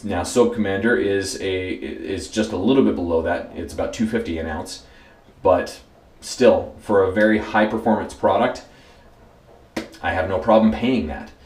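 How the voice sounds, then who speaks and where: A man's voice: low-pitched, normal speed, darkish tone. A man hosting a casual product review, easygoing and repeating words for emphasis, with frequent fillers. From United States. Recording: roomy echoey room.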